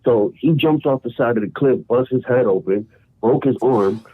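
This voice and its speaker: A man from New York calling in by phone and telling a story in animated slang, often saying "bro" and "yo". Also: mid-range voice, moderate pace. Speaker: caller. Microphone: phone call. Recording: tinny phone line.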